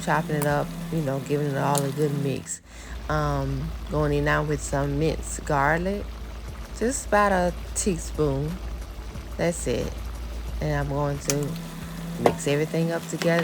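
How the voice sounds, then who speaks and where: A woman's voice: low voice, very noisy. A woman narrating her home cooking for viewers in a chatty, casual way, calling them y'all. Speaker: cooking vlogger.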